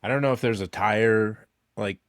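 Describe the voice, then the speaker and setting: A man co-hosting a comedy podcast, dropping dry, deadpan quips. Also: fairly low pitch, moderate pace, dry recording. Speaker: podcast co-host. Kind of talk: comedic casual chat.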